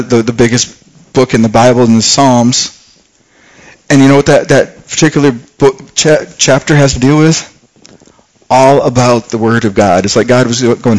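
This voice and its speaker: A man preaching a sermon in an earnest, halting way, often restarting his words and dropping soft when he prays. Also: medium pitch.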